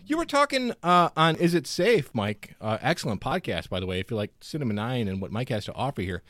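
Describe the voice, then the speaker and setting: A podcast co-host chats loosely and lively about films, swearing a lot. His mid-range voice is brisk, and the recording is dry.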